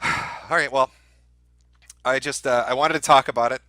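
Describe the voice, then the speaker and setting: A man's voice: mid-range voice, fairly even intonation, moderate pace, sharp tone, dry recording. Profane, ranting male livestreamer. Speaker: livestream host. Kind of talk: heated livestream rant.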